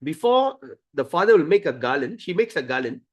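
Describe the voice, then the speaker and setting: Brief: high-voiced, expressive male scripture teacher who circles back over key words. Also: fairly quick. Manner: animated, acts out stories with voices; repeats key words, restarts sentences. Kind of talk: scripture study lecture.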